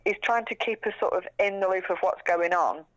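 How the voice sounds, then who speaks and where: A woman's voice: medium pitch, fairly quick, no room sound, lo-fi sound. Chatty, frank woman. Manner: chatty, frank, swears casually, repeats words when she restarts. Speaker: interview guest. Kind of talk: casual interview chat.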